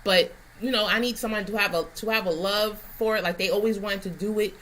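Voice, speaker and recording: A woman's voice: medium pitch, steady tone, brisk, a bit bright, poor audio. A woman co-hosting a casual livestream chat, rambling and stumbling over her words. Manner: rambling, full of "like" and "you know", stumbling.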